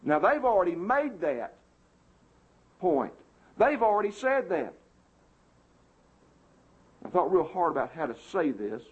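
A man's voice: high-pitched, sing-song, unhurried, long pauses, husky. A man preaching an emphatic, indignant sermon to a congregation, recorded on a muffled lo-fi tape.

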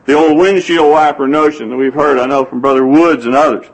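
A man's voice: a little high, steady tone, fairly quick, poor audio. A man preaching a sermon, telling folksy stories and quoting scripture. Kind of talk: sermon with anecdotes.

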